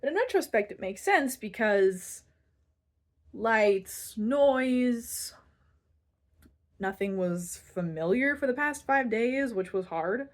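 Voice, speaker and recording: A woman's voice: a little high, lively intonation, takes it slowly. A young woman vlogger telling a personal story in a candid, self-deprecating way, rambling a little and restarting her sentences.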